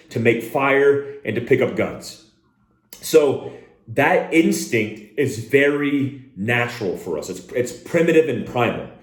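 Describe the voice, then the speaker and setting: A man teaching a hands-on shooting lesson as a firearms instructor, speaking directly and plainly and barking short drill commands. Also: medium pitch. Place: indoor room with a door. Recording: roomy echo.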